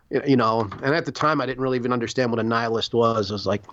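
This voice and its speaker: A middle-aged man from Chicago telling rough, profane stories as a podcast guest, rambling with lots of "like" and "you know". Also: mid-range voice, fast talker, hardly any pauses, a bit bright, dry recording, dull audio. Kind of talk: casual interview storytelling.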